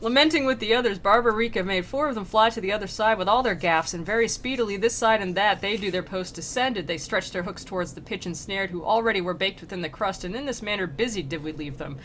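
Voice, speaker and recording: A woman streamer with a bright, clear voice pitched in the middle of the usual range reads stiff archaic verse and then loosens into a rambling, filler-laden retelling. Her throat sounds sore. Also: quick pace, hardly any pauses, a little hiss or hum. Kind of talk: casual retelling of a classic poem.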